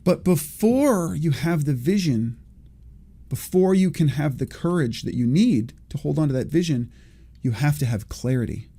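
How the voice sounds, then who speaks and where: A man's voice: on the high side, lively intonation, normal speed, warm tone, husky. A man in his forties hosting a solo podcast, thinking aloud in a rambling, self-correcting way. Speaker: podcast host. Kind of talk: reflective solo podcast talk.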